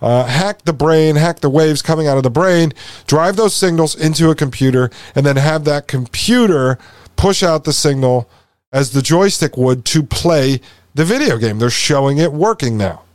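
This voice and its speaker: Emphatic higher-voiced man commentating. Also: expressive, normal speed, dry recording, clean studio sound. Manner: emphatic, repeats phrases, sarcastic asides. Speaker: podcast host. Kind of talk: commentary over a played video.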